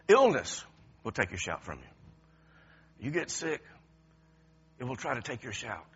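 A man preaching a sermon, moving from quiet, intense passages to loud shouted ones, often laughing as he talks. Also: medium pitch, husky. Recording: lo-fi, dull sound.

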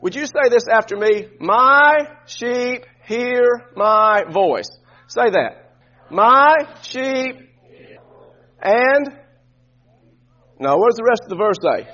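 A male preacher with a very high, husky voice, leading his congregation through scripture in call-and-response. He moves between quiet, conversational asides and loud, shouted emphasis. The recording is muffled and dull. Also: lively intonation, slow, pauses often. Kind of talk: sermon.

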